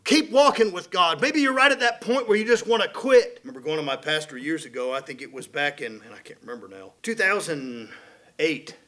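Man, high voice, preacher, folksy animated sermon, middle-aged. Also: a little fast. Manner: folksy, animated preaching with rising and falling volume.

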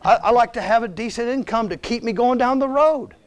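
Man, high voice, emphatic conversational church sermon from a visiting missionary preacher. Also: fairly quick. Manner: emphatic, conversational, keeps urging "listen" and "come on now". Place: church sanctuary.

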